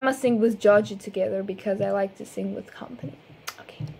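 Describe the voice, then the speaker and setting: A woman's voice: medium pitch, steady tone, fast talker, vocal fry, a little mellow, a little hiss or hum. A woman chatting casually to her viewers before singing a cover, rambling, giggly and self-deprecating, stumbling over her words. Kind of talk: casual chat.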